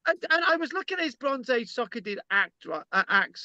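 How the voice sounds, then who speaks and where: A man's voice: very high-pitched, very animated, fairly quick, few pauses, pushed and bright, dry recording. A man telling stories in casual chat, rambling and stammering, tagging lines with "right?". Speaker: channel host. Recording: dull lo-fi sound.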